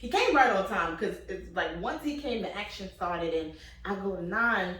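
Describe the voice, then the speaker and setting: At a moderate pace and in a mid-range voice, a young woman shares a funny story in a casual way, full of laughter and performed character voices. The sound is echoey, with the microphone placed some distance away.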